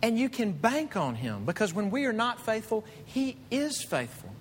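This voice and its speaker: Male pastor, sermon, lively swooping delivery, fairly high voice, long hall reverb, faint rumble behind. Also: moderate pace. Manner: animated, rising to emphatic high peaks.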